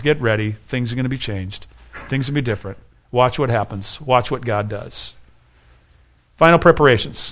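A pastor preaches a sermon in an earnest, conversational way, often restarting his phrases. His voice is mid-range and fairly bright.

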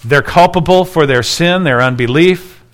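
Male pastor, sermon delivery, a touch higher pitched than most. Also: moderate pace. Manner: expository preaching, rising intensity on quoted lines.

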